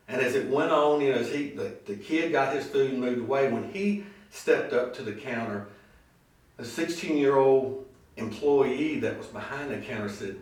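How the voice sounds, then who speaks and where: A man's voice: medium pitch, animated. Man preaching in an echoey church. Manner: storytelling preacher, slow emphatic phrases, acts out quoted voices. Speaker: pastor. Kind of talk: sermon. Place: church sanctuary. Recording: echoey hall, mic at a distance.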